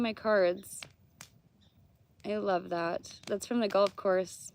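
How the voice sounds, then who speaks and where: A woman's voice: medium pitch, steady tone, slow, vocal fry, long pauses, slight background noise. A middle-aged woman from Canada doing a casual live-stream tarot reading outdoors by a fire, chatty and swearing freely. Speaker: tarot card reader.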